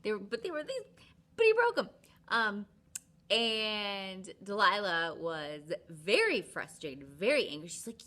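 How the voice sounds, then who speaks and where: Woman, Sunday school teacher, chatty, animated, lively intonation. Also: mid-range voice, measured pace. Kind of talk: retelling a Bible story to children.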